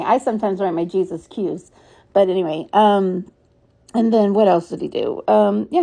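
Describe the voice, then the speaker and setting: A woman's voice: mid-range voice, moderate pace, vocal fry, warm tone. A woman vlogging in a rambling, candid, frazzled way, swearing freely as she talks. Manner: weary, frazzled. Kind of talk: casual vlog monologue.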